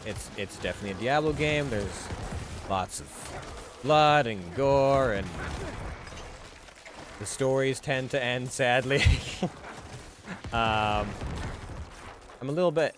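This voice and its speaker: A man streaming a hardcore game run, rambling casually with fillers and restarts as he thinks aloud. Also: mid-range voice. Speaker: gaming streamer. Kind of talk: casual gameplay commentary.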